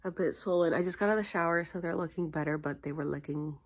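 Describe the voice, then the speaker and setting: A young woman vlogging casually to a phone camera, tired and weepy, rambling and speeding up as she tells a story. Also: fairly low pitch. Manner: emotional, rambling, fast when telling a story. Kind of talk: casual vlog.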